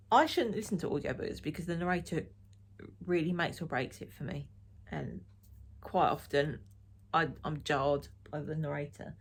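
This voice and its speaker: A woman's voice: sits low, a little slow, pauses often, husky. A middle-aged woman from Essex, chatting frankly and ramblingly to camera as a knitting vlogger. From Essex, England. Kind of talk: casual chat to camera.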